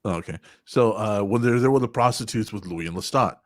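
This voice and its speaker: Low-voiced guy in his 40s, rambling, cusses a lot, laughs a bunch, dry sound. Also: fairly quick, dry recording. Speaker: podcast host. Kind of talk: casual chat.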